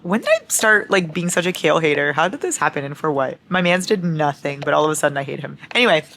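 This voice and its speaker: Bright-voiced young woman gushing about books. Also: on the low side, creaky. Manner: gushing, excitable, swears freely. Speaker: book vlogger. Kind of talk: casual chat. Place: at home, cozied up in a blanket.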